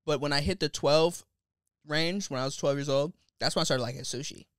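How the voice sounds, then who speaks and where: A man's voice: fairly high pitch, clean tone, no echo. A young man co-hosting a podcast, chatting casually and riffing with jokes into a studio mic. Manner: joking, animated, quick to riff. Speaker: podcast co-host. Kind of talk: casual chat. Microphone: studio microphone.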